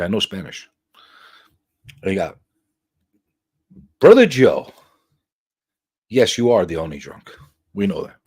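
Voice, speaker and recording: Male livestream host, casual and animated, jokey, swears, very lively pitch, mid-range voice. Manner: animated, joking, swears freely. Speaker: livestream talk show host.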